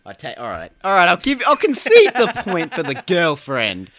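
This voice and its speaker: A man co-hosting a movie podcast, bantering casually and animatedly. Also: moderate pace. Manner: animated, jumps into high-pitched impressions. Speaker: podcast co-host.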